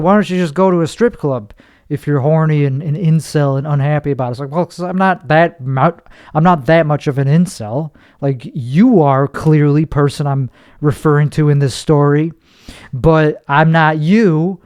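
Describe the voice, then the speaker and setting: A man's voice: a little high, darkish tone, clear, resonant tone, no room sound, clean studio sound. A man hosting his own podcast from his bedroom, with a nasal voice, rambling through a crude, self-deprecating comedy monologue. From United States. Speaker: podcast host.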